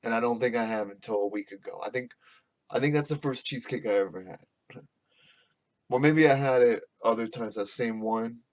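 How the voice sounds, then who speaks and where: A man's voice: medium pitch, brisk. Profane, rambling male podcast host. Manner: profane, rambling, laughs often. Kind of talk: casual rambling monologue. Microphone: podcast microphone.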